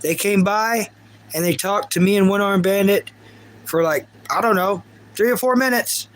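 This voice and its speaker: High-voiced Kentucky man streaming. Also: moderate pace, poor audio. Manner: rambling, earnest, reads viewer comments aloud. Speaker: livestreamer. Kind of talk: casual live stream chat with viewers.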